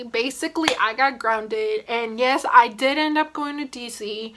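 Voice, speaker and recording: Young woman vlogging a storytime, slangy and animated, bright sharp voice, kinda high. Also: unhurried, few pauses, a little hiss or hum. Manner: animated, slangy, drops to whispers. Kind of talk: storytime vlog.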